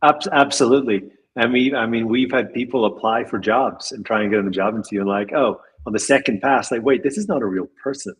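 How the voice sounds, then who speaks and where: A husky-voiced man of middle pitch talking as a podcast guest. He muses thoughtfully, trails off mid-thought, and chuckles now and then. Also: fairly quick, hardly any pauses, poor audio. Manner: reflective, trails off, chuckles while speaking. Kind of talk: casual chat.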